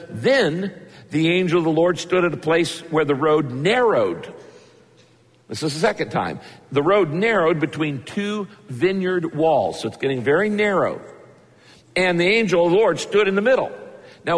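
A man preaching a sermon in a big reverberant hall. He retells the story with energy, voicing each character's lines. His voice sits a bit high. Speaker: pastor.

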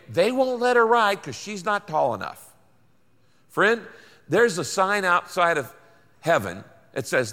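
Older male pastor, bright voice, folksy sermon delivery. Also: a little high, big pitch swings, a little slow, big-room sound. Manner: folksy storytelling, emphatic repetition.

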